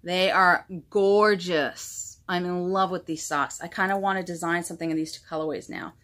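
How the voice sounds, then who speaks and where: A woman's voice: lowish voice, fairly even intonation, moderate pace, fairly bright tone. Female knitting podcast host, casual and chatty, gushing, self-deprecating. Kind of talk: casual show-and-tell chat.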